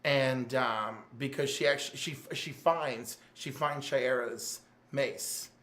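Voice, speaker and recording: A man hosting a casual podcast, excitedly recapping a comic storyline with lots of filler words. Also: mid-range voice, takes it slowly. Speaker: podcast host reviewing comics. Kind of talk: casual chat. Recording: roomy echo.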